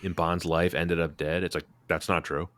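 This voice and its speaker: A man with a low voice hosts a casual podcast chat. He picks things apart with dry sarcasm and open disbelief. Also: little pitch movement, moderate pace, fairly bright tone, no echo. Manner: sarcastic, incredulous critique. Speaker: podcast host.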